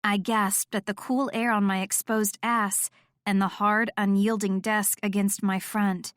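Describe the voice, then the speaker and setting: A woman reading first-person audiobook narration with steady, intimate storytelling. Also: mid-range voice, measured pace, no room sound, clean studio sound.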